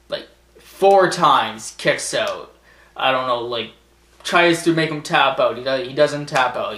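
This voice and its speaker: A man's voice: medium pitch, fairly bright tone, roomy sound. A man vlogging casually, rambling and sarcastic, swearing and laughing at his own jokes. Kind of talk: casual commentary vlog.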